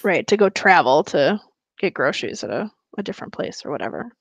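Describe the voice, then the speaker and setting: A woman's voice: on the low side, sing-song, fairly quick, gravelly, no room sound. A woman co-hosting a podcast, chatting casually and mostly answering with short agreeing replies. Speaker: podcast co-host. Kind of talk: casual chat.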